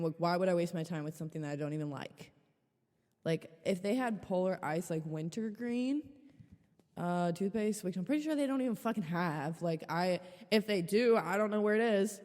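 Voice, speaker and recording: A woman's voice: mid-range voice, a little mellow, in a large hall. A woman hosting a podcast, telling a story in a casual, rambling way that is frank and full of swearing. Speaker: podcast host.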